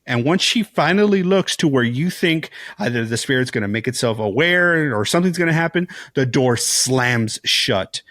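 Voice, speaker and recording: Animated man retelling a movie scene. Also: mid-range voice, no echo, clean studio sound. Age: young adult to middle-aged, a father. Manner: animated storyteller, acts out characters' lines, many "like"s and restarts. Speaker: podcast co-host. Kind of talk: casual chat, retelling a film scene.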